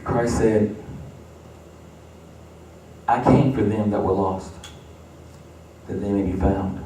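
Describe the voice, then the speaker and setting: Pastor preaching in an echoey church. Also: male voice, fairly low pitch, takes it slowly, mellow, slight background noise. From United States. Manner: preaching with rising, repeated emphatic refrains. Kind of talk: sermon. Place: church sanctuary. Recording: echoey church, distant mic.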